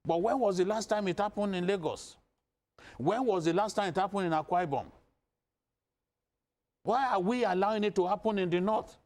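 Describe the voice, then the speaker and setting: A man's voice: high voice, moderate pace, pauses often, darkish tone. A man from northern Nigeria speaking as a guest on a news panel, emphatic and insistent, hammering his points with repetition. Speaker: studio guest commentator. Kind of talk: impassioned panel discussion.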